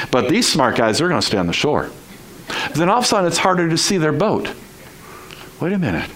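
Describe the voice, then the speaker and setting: A man's voice: fairly high pitch, a bit bright, poor audio. A male pastor preaching a sermon in a conversational style, full of rhetorical questions to the congregation.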